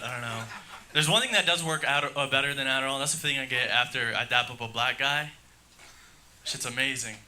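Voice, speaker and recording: A man's voice: mid-range voice, fairly quick. A man telling dry, offhand stand-up stories in a comedy club. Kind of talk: deadpan stand-up set. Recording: live club with audible room noise.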